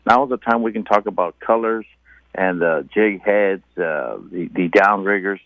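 Low-voiced man on a tinny phone line. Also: normal speed, no echo. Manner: hesitant, many filler sounds. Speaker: fishing guide, phone guest. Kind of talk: phone interview. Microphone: telephone.

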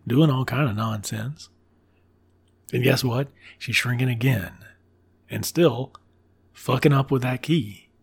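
A man with a husky, slightly breathy voice sits at a middle pitch and retells a story like he's talking to friends. He swears casually and breaks off for offhand remarks. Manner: irreverent, swears freely, drops asides. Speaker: podcast host.

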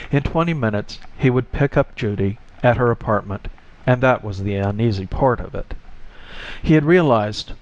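A man reading a short story aloud as narrator, with measured, expressive storytelling. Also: fairly low pitch, highs cut off. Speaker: audiobook narrator. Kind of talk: scripted narration.

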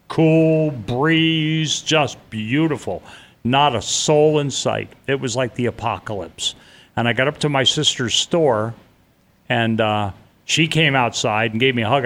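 A man's voice: mid-range voice, a bit bright. A middle-aged man telling a personal story in a casual, vivid way as an interview guest, acting out the voices of the people he quotes.

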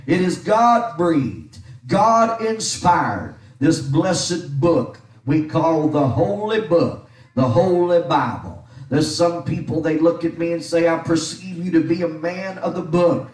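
A middle-aged pastor preaches a sermon in a fairly high voice, reading scripture and calling on the congregation to repeat after him. He is recorded from a distance in an echoey church sanctuary. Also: a little mellow. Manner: preaching with scripture recitation and call-and-response. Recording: echoey church hall from far off.

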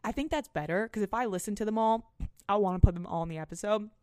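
A woman in her twenties hosting a podcast, telling a story in a casual, animated, self-mocking way with plenty of swearing. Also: medium pitch, fast, no room sound, clean studio sound. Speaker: podcast host.

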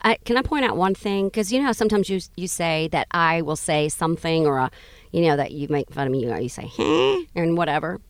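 A woman's voice: sits low, no room sound. A middle-aged woman co-hosting a radio show, bantering playfully and laughing often, recorded in a mobile studio. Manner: playful, quick to laugh, animated. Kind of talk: casual banter.

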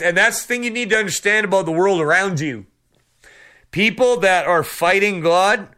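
A fervent male radio preacher whose voice rings bright and forceful. He speaks in a smooth, resonant tone, slightly high-pitched, punctuating every point with amens. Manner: fervent, peppered with amens and praise the lords. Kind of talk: sermon.

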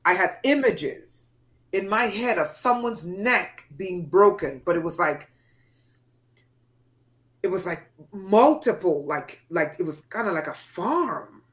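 A woman's voice: on the low side, animated, slow pace. A woman from Trinidad and Tobago, a podcast guest, telling a dramatic personal story with emphatic, acted-out voices. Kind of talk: storytelling in an interview.

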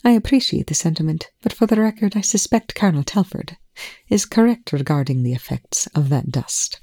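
A coolly cutting, sarcastic male scientist, as the reader puts him on, every line laced with polite contempt. The voice is mellow and dark in tone. The recording is dry and close. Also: medium pitch, lively intonation, a little fast, dry recording, voice pushed up. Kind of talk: audiobook-style fan fiction reading.

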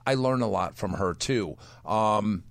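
A man's voice: on the low side, measured pace, vocal fry, dry recording. A man talking openly and bluntly as a podcast guest, swearing casually while telling personal stories. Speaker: podcast guest, recovery speaker. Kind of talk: candid conversational storytelling.

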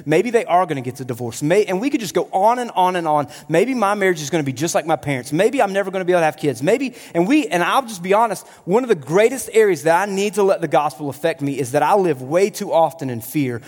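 High-voiced animated preacher man in a reverberant hall. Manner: animated storytelling with playful humor. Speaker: pastor. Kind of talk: sermon. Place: church hall.

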